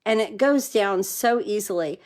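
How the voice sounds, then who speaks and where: A woman's voice: mid-range voice, measured pace, darkish tone. Woman, crafting demonstrator on a live stream, chatty and enthusiastic, talks viewers through each step. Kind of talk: live card-making demo.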